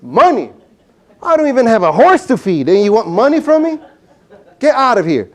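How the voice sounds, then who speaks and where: Farmer in a told story, played by a man, quick-tempered, exclaiming, high voice. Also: lively intonation, a little mellow. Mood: angry. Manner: raised, exclaiming delivery. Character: angry downcast farmer, later cheerful.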